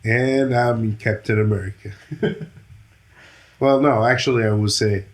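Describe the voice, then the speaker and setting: A man playing a tabletop game, talking in a relaxed, plain and brief way. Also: mid-range voice, a little slow. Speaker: player.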